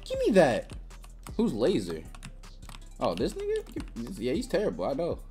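Very deep-voiced young woman, wildly animated. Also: measured pace. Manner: excitable trash talk, sudden yelps and shouts. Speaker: gaming channel host. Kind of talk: live gameplay commentary.

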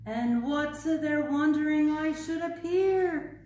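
A young woman librarian reading a picture book aloud at children's storytime, gentle and playful, asking the kids questions. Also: sits high, takes it slowly. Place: public library room. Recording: echoey room, mic far off.

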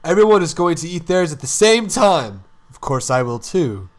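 A man's voice: a little high, big pitch swings, moderate pace. A man voicing a cheerful adult male scientist leader from a dating game, upbeat and playful.

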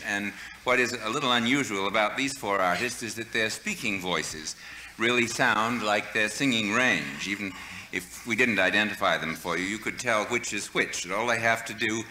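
A man's voice: fairly low pitch, sharp tone, echoey room, slight background noise, low-quality recording. A man hosting a radio talk show, introducing guests and reading listener letters in a formal, courtly announcer manner. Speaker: radio host. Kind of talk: scripted broadcast introductions.

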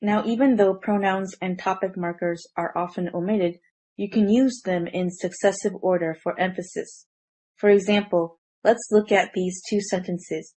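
A woman teaching a language grammar lesson in scripted narration, explaining clearly and reading out example sentences in a measured way. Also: mid-range voice, fairly even intonation, darkish tone.

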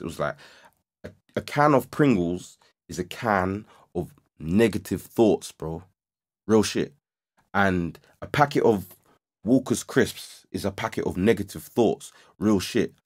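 A young man telling a story casually on a livestream, slangy and animated, climbing into agitated outbursts as he relives it. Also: fairly low pitch. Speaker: livestream host. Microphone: studio microphone with audio interface.

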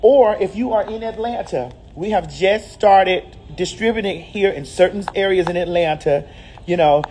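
A woman's voice: mid-range voice, moderate pace, dark tone, soft background music. A woman with a Southern US accent, a brand ambassador filming a promotional vlog, flamboyant and sassy, calling everyone honey and baby. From Southern United States. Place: out and about on city streets and in a liquor store.

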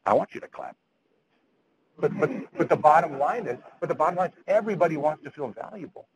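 A man's voice: on the high side, expressive, fast, low-quality recording. A man lecturing physicians at grand rounds, retelling a story earnestly and often repeating words as he goes.

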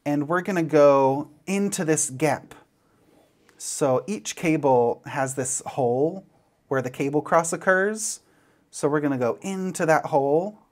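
A man's voice: a little high, a little mellow. A man giving a step-by-step knitting tutorial, chatty and playful as he demonstrates each move. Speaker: knitting instructor.

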